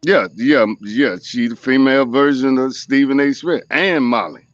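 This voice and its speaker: A man with a Southern accent talks loosely as a co-host, circling back through fillers and restarts. His voice sits at an ordinary pitch. The sound is dull and lo-fi with no room echo. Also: normal speed. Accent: Southern American. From American South. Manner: rambling, with many fillers and restarts. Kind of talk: casual chat.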